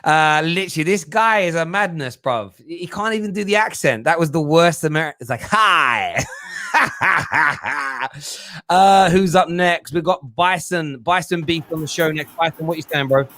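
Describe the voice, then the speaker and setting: A man's voice: on the high side, moderate pace, hardly any pauses, a bit bright, dry recording, studio quality. A man hosting a fan call-in show with a chatty, joking manner who laughs easily with callers. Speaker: host.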